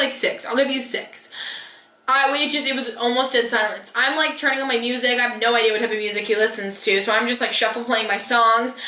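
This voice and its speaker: A woman's voice: a little high, sharp tone. A young woman in her twenties telling a dating story while doing her makeup, chatty, sassy and swearing freely, saying "like" all the time. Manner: chatty, sassy, profane, heavy use of "like". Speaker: beauty vlogger. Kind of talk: casual story-time chat. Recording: roomy echo.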